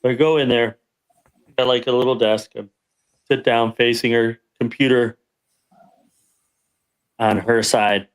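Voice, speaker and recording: Man, veteran podcast guest, casual storytelling, rambling, restarts a lot, mid-pitched voice. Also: fairly even intonation, a little slow, pauses often, clear, resonant tone. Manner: rambling, restarts and self-corrections.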